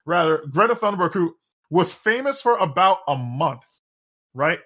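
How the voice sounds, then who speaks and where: A man's voice: high-pitched, animated, measured pace, sharp tone. A man co-hosting a podcast, chatting casually and sardonically about politics, rambling with frequent restarts. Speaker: podcast co-host.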